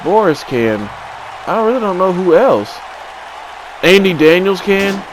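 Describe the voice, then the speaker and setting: A man giving excited play-by-play commentary on a video game wrestling match, swinging from low mutters to sudden shouts. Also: measured pace, rough recording. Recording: crowd and game noise behind.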